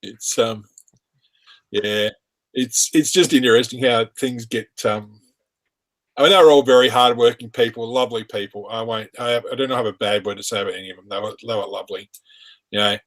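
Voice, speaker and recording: A man's voice: mid-range voice, steady tone, a little fast, fairly bright tone. A man telling rambling work anecdotes in casual chat, laughing often. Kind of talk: casual chat on a live stream.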